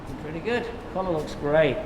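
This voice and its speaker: English hairstylist talking through a cut. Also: male voice, a little high, fairly quick. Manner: relaxed, chatty, joking asides while cutting. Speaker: hairstylist and educator. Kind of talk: live haircut tutorial commentary. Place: hair salon. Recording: echoey salon with background noise.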